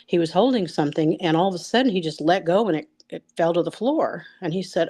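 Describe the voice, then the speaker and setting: Low-voiced woman telling a personal story. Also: warm tone. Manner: rambling, halting, full of fillers and restarts.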